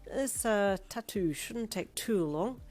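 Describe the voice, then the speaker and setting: A woman's voice: medium pitch, animated, slow, soft background music, voice pushed up. Woman putting on a jovial Irish piercer man. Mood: friendly. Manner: loud, jovial, folksy. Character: friendly male Irish tattoo piercer, chatty.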